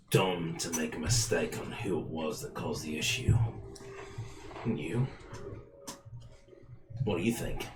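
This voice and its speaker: Gruff scornful bounty hunter, as a man puts him on, low voice, echoey. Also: noisy background. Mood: cold. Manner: blunt, scornful. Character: gruff male mercenary bounty hunter, contemptuous.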